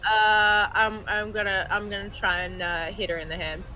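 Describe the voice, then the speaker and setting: A woman's voice: medium pitch, level tone, normal speed, bright, forceful tone, faint music behind, rough recording. A woman playing a tabletop game, speaking thoughtfully and laughing easily. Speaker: player.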